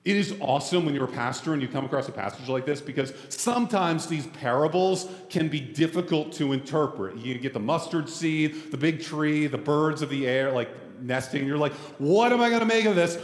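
A man's voice: on the high side, moderate pace, hardly any pauses. A man in his forties, a pastor preaching a sermon in a casual, joking, self-deprecating way. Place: church sanctuary. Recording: roomy hall reverb.

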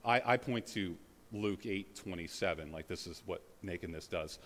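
A pastor delivers a sermon loosely and conversationally, packed with fillers like "like" and "you know," broken up by dramatic bursts of scripture reading. His low, slightly bright voice comes at normal speed with a long reverb tail and a little hiss or hum.

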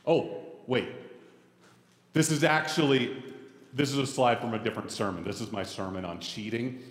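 A man's voice: medium pitch, moderate pace. A man in his forties, a pastor preaching a sermon in a casual, joking, self-deprecating way. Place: church sanctuary. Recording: roomy hall reverb.

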